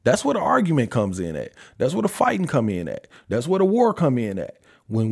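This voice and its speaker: A man's voice: medium pitch, wildly swooping pitch, fairly quick, vocal fry, darkish tone, breathy edge. Blunt, profane man ranting on a podcast. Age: adult father. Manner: conversational, rhetorical questions. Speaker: podcast host. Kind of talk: solo opinion monologue.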